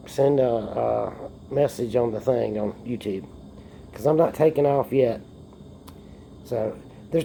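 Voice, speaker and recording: A man's voice: medium pitch, gravelly, dark tone, slight background noise. A man, a bit tipsy from beer, rambling and joking through a casual monologue recorded on a phone and swearing often. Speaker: vlogger.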